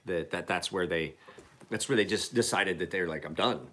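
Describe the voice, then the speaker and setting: A man's voice: sits low, moderate pace, fairly bright tone. Rambling, profane man in his forties. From Appalachian Pennsylvania. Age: 40s. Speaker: knife-sharpening streamer. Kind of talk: casual live-stream chat.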